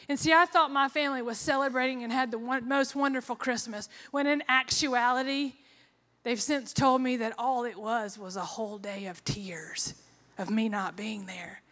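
Young woman, earnest testimony speaker, bright tone, long reverb of a hall. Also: fairly high pitch, steady tone, moderate pace. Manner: earnest, emotional, with sarcastic asides. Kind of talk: personal testimony talk.

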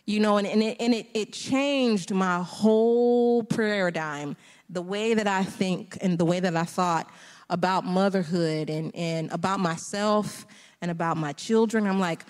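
A middle-aged woman, a guest on a church panel, shares her personal testimony and laughs often as she tells it. Her medium-pitched voice has a lively lilt and an unhurried pace, with the sound of a big room around her.

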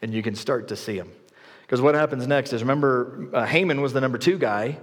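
A man preaching a sermon in a church, with a middle-pitched voice and casual, lively storytelling. A long reverb from the hall trails each phrase. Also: brisk. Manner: conversational, animated storytelling. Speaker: pastor.

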